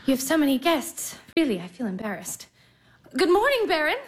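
A woman's voice: high-pitched, sing-song, a little fast. An actress playing a flustered, self-conscious young woman in a stage drama.

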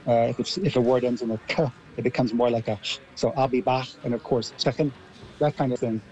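A man's voice: mid-range voice, fairly even intonation, quick pace, darkish tone, rough recording. A man from Los Angeles with an American accent, explaining his views as a guest on a radio discussion. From Los Angeles, USA. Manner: articulate, explanatory. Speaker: guest expert.

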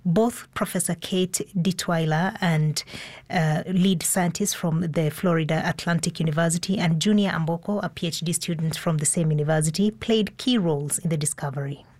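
A woman's voice: sits low, a little fast, hardly any pauses, darkish tone. A woman presenter reading a scripted news report.

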